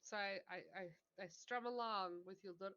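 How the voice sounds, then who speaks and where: A woman's voice: mid-range voice, normal speed, a bit bright, no room sound, highs cut off. A woman playing in a tabletop game, chatting casually and giggling easily. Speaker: player.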